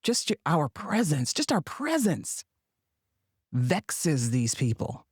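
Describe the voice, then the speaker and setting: A woman's voice: sits low, very animated, slow, a little mellow, breathy edge, dry recording, clean studio sound. A woman hosting a commentary monologue, sassy and sarcastic in her delivery. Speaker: podcast host.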